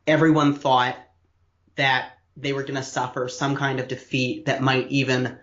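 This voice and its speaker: A man's voice: mid-range voice, flat delivery, normal speed, fairly bright tone, dull audio. Man explaining at length in a roomy room. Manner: lecturing, detailed, with frequent restarts. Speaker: podcast co-host explaining political history. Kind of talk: casual explanatory podcast chat.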